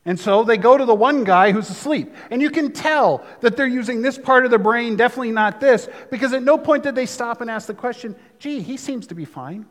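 A man's voice: very high-pitched, fairly quick, few pauses, big-room sound. A man preaching a sermon, talking conversationally with asides. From United States. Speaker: pastor.

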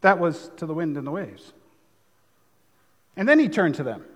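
A man's voice: fairly high pitch, very animated, normal speed, big-room sound. A man preaching a sermon, talking conversationally with asides. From United States. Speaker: pastor.

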